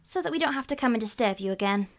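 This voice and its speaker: A woman's voice: on the high side, animated, moderate pace, voice pushed up. A woman reading aloud and voicing a crafty, impatient young boy in a storybook. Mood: eager. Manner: eager and impatient.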